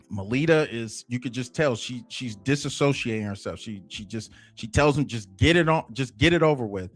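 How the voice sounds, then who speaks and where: A man casually recapping a TV episode, rambling with lots of fillers. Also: mid-range voice. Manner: rambling, frequent fillers like "you know" and "basically". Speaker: TV episode reviewer.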